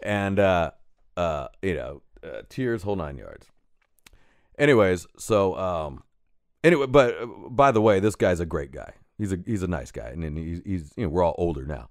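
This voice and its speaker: A man co-hosting a podcast, telling a story in casual, profane chat and shouting as he acts out the scenes. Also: deep voice, normal speed, no echo, studio quality. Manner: animated, profane, shouts when acting out scenes. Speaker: podcast co-host.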